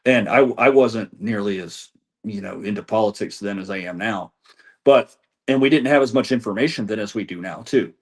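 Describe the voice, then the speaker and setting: A man's voice: lowish voice, normal speed, darkish tone. A man being interviewed as an election data analyst, reeling off figures with frequent restarts. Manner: rattles off statistics, frequent restarts. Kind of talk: interview answers.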